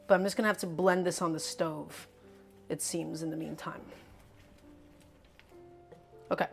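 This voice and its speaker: A cooking streamer with a low, creaky, steady voice talks briskly to her viewers from her home kitchen, upbeat and chatty, speaking to the chat directly as faint music plays behind her.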